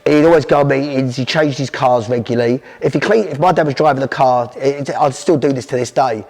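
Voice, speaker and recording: Rapid-fire man, guest spinning anecdotes with restarts, in a reverberant space. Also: medium pitch, darkish tone. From South London. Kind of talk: storytelling interview. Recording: long hall reverb.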